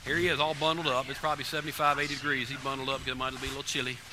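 A man preaching to a congregation, telling an animated, joking hunting story to the room. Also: mid-range voice, racing, background noise. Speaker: pastor. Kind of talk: storytelling sermon. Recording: long reverb in a large hall.

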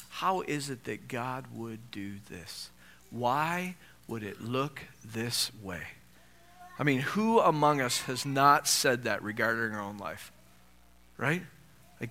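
A man's voice: fairly high pitch, pushed and bright. A man preaching a sermon in a conversational way, often asking the congregation rhetorical questions and lifting his voice when he reads scripture. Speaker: pastor.

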